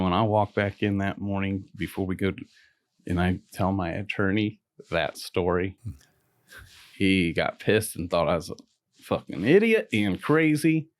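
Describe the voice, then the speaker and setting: Middle-aged male guest, low-ish voice, lively storyteller who acts out the people he quotes; dry close mic. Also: dry recording. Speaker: podcast guest. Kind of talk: storytelling in casual conversation.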